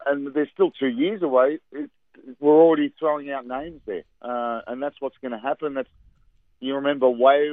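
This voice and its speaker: A man's voice: medium pitch, no echo. Australian man on a tinny phone line. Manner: chatty, repeats words for emphasis. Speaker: football pundit. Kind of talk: phone-in radio sports chat.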